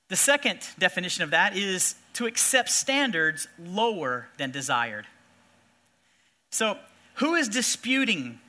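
Man preaching, high and very bright voice, animated storyteller; pastor delivering a sermon. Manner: animated, acts out shouting figures in his stories.

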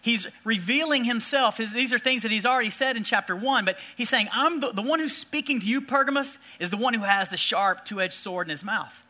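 Man preaching, high and very bright voice, animated storyteller; pastor delivering a sermon. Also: brisk, hardly any pauses. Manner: animated, acts out shouting figures in his stories.

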